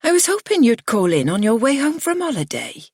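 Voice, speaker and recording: A woman's voice: mid-range voice, huge pitch swings, measured pace, slightly rough, no room sound, clean studio sound, pitched above the performer's own voice, heavily acted. A woman voicing a fretful older mother whose tone is light but defensive, in an audiobook reading. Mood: delighted, reproachful.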